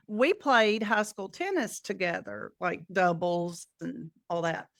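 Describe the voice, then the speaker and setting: A woman's voice: on the low side, takes it slowly, hardly any pauses, no room sound, studio quality. A middle-aged woman co-hosting a podcast, telling stories in casual chat and acting out the quotes. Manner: animated storyteller, acts out quotes. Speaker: podcast co-host.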